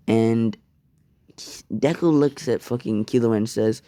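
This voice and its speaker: Young man, casual profane storyteller; slow delivery, dry close mic. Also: mid-range voice, warm tone, smooth, dry recording. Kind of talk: casual fan-fiction storytime.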